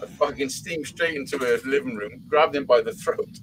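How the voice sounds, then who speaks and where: Another participant in a live show chat, this man tells lengthy, meandering stories packed with constant profanity. He talks at normal speed with a medium pitch over a noisy background.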